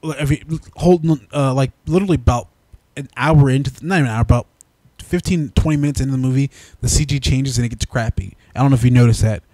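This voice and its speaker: A man's voice: mid-range voice, fast talker, few pauses, no room sound. A man co-hosting a casual movie review, talking with animation and breaking into exaggerated mocking voices. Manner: animated, mocks dialogue in exaggerated put-on voices.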